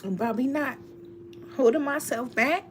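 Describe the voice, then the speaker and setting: A woman's voice: high-pitched, measured pace, slight background noise. A woman tarot reader speaking heartfelt and emotional on a live stream to her viewers, often laughing.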